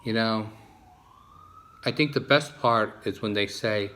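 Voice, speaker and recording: A man's voice: lowish voice, slow pace, pauses often, bright, forceful tone. A man with a New Jersey accent talking in a casual, rambling vlog monologue, often restarting and repeating himself. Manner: repetitive, frequent restarts. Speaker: vlogger.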